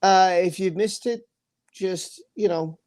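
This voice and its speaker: A man's voice: sits high, slow, darkish tone. A man hosting a livestream and ranting angrily, emphatic and repetitive, often stumbling over his words. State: angry. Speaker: livestream host. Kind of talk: angry livestream rant.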